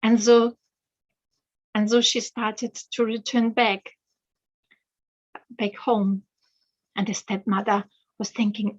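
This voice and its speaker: A woman retells a fairy tale at a slow, thoughtful pace, pausing with fillers. Her voice sits a bit high. The recording sounds slightly muffled. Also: level tone. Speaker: author and storyteller.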